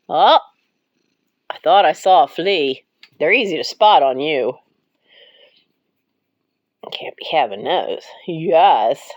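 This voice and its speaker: A woman's voice: low-pitched, expressive, slow pace, pauses often, darkish tone, no room sound, highs cut off. A woman talking to her cats while filming at home, cooing and giggling often. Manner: baby-talks to cats, breaks into frequent giggles. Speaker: pet vlogger. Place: cold house, bedroom.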